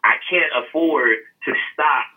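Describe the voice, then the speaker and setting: A man's voice: fairly high pitch, a little slow, sharp tone, breathy edge, rough recording. A man co-hosting a podcast, telling a personal story in earnest with fillers and a laugh now and then. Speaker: podcast co-host. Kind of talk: casual podcast chat.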